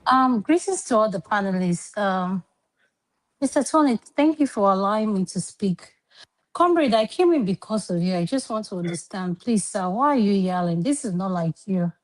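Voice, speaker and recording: A woman's voice: mid-range voice, animated, moderate pace, rough recording. A Nigerian woman moderator on an online panel, chatty and assertive. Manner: assertive and chatty, pleading then scolding.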